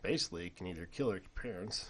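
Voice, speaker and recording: A middle-aged man co-hosting a podcast, telling family stories in casual chat and getting animated when he quotes his kids. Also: deep voice, fast talker, a little hiss or hum. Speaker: podcast co-host.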